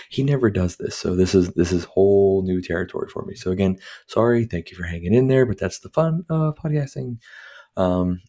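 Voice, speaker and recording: With his dog nearby, a man hosts a solo podcast from home and reviews a movie in a warm, low-pitched voice at a moderate pace. His take is rambling and profane, dotted with fillers and false starts.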